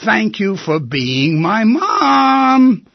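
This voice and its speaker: A man putting on a young mourner who sings to his late mother in a high, stretched-out, wolf-like howl that cracks and wanders off-key. The voice is gravelly and husky, and the sound is dry and dull. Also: lively intonation, measured pace, dry recording, heavily acted. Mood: wailing. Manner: howling, wolf-like off-key singing. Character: grieving young man wailing a song to his dead mother.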